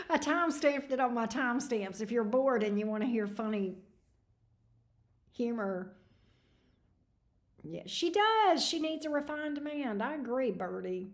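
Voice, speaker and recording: A woman's voice: on the high side, animated, unhurried. A woman hosting a tarot livestream, chatting casually with viewers in a snarky, laughing way, tired. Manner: snarky, laughing, reading chat messages aloud.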